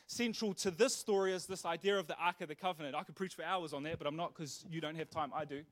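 Young kiwi pastor, fairly high voice, jokey storytelling then earnest preaching. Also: male voice, fast. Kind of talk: sermon with storytelling.

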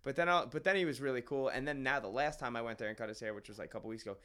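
Quick-talking New guy, barber, salty storyteller on a podcast. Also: medium pitch, a bit bright, smooth. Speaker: barber guest. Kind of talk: casual podcast chat.

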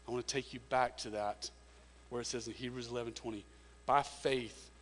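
A man's voice: medium pitch, steady tone, a little fast, a bit bright, big-room sound, a little hiss or hum. A man preaching a sermon as a pastor, earnest and emphatic, often repeating words as he goes.

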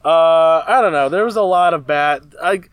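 A man with a notably high voice co-hosting a casual podcast. He steers the talk and announces each segment. The sound is close and dry. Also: normal speed, clean tone, dry recording. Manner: leads the show, announces segments. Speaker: podcast co-host.

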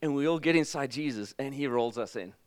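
A man preaching a sermon as pastor, energetic and emphatic, with jokes to the congregation. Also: mid-range voice, fairly quick, clear, resonant tone, no room sound.

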